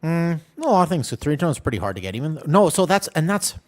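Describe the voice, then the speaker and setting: A man streaming a game, chatting casually with his viewers in quick, jumpy banter. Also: on the high side. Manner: animated, jumpy banter with chat. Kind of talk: casual chat while gaming.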